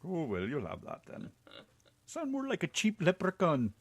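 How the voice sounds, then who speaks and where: An American man co-hosting a casual online radio show, joking and teasing with loud laughs. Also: a little high, wildly swooping pitch, normal speed, no echo. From United States. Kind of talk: casual banter with co-host and chat.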